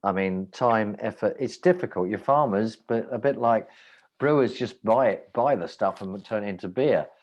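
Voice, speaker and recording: A man's voice: lowish voice, moderate pace, muffled recording. A man, a restaurant owner, telling wry rambling stories in casual chat, often breaking off and restarting. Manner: rambling, self-interrupting, wry.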